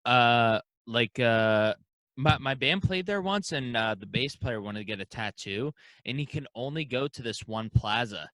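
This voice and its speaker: A man's voice: medium pitch, expressive, measured pace, a bit bright, no room sound. A man in a casual comedy podcast chat, rambling with restarts and frequent laughs. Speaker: podcast host.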